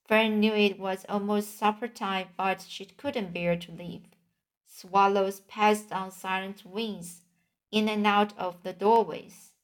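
A woman reading a children's storybook aloud, gently and with small slips. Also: medium pitch. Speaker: audiobook reader. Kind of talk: storybook narration.

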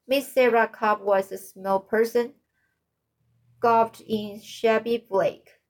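A woman reading a novel aloud as audiobook narrator, halting with frequent slips and restarts. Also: a little high, fairly even intonation, low-quality recording.

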